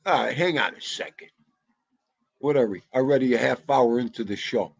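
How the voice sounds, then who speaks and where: A man hosting a casual livestream, loud and excitable, chatting straight to his viewers. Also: mid-range voice, moderate pace, vocal fry, dry recording, highs cut off. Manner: loud, excitable, talks to chat. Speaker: livestream host.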